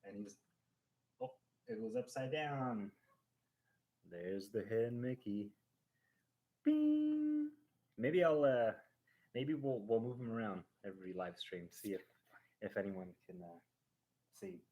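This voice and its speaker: Male stream host, lowish voice, casual rambling storyteller who acts things out. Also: unhurried, pauses often. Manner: animated, acting out a ride with sound effects; rambling, with restarts and fillers.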